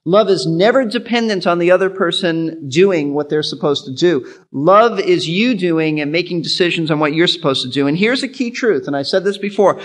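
A man's voice: sits high, animated, moderate pace, hardly any pauses. A male pastor giving an earnest sermon, teaching in an instructive way and repeating his key points.

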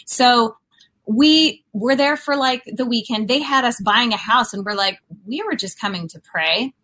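Relaxed middle-aged woman telling a story. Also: a little high, normal speed. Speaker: co-host. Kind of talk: faith talk show storytelling.

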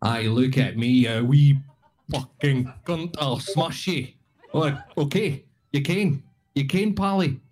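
A man's voice: medium pitch, slow pace, a little mellow, voice pushed down, natural voice. A man putting on a Scottish accent to play an aggressive brawler who swears and threatens. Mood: menacing.

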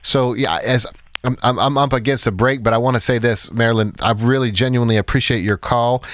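A man hosting a call-in radio advice show, calm and validating, explaining his points with everyday examples. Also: medium pitch, fairly quick, a little hiss or hum.

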